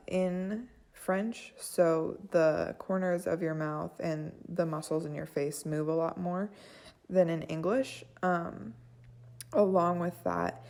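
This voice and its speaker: A young woman giving a class presentation on phonology, unhurried and with frequent fillers. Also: on the low side, vocal fry, dark tone. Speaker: student presenter.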